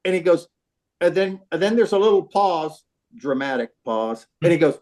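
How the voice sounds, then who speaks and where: An older man tells an old baseball story over a phone call, lively and animated. His voice sits a little high, and he acts out the quotes with plenty of swearing. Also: moderate pace. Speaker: baseball trainer telling a story.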